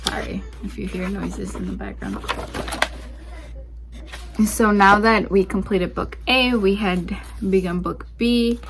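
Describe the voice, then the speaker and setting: A woman's voice: medium pitch, lively intonation, takes it slowly, vocal fry, pauses often, noisy background. A young woman who hosts a homeschooling channel, chatting casually through a curriculum review with lots of fillers and restarts, a little out of breath. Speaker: homeschooling mom channel host.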